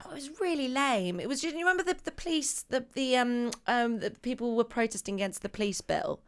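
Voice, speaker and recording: Brief: female comedian guest, lively anecdotal chat, a touch high-voiced. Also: brisk. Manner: animated storytelling with exasperated asides. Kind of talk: casual podcast chat.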